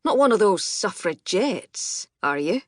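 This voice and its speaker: A woman reading an audiobook, voicing a gruff, disapproving older Scottish man who runs a garden crew, with a Scottish accent. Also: mid-range voice, very animated, unhurried, no room sound, clean studio sound. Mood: curt. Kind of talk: audiobook character voice.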